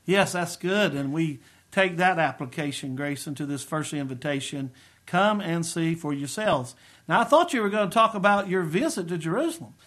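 A middle-aged man delivers a sermon in a fairly high voice. He is earnest and emphatic, and he draws out the phrases he wants to land. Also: lively intonation, fairly bright tone. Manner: earnest, emphatic preaching with slow stressed phrases. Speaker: preacher. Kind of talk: sermon-style teaching.

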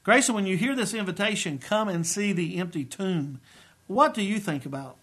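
A middle-aged man delivers a sermon in a fairly high voice. He is earnest and emphatic, and he draws out the phrases he wants to land. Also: animated, a bit bright. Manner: earnest, emphatic preaching with slow stressed phrases. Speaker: preacher. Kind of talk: sermon-style teaching.

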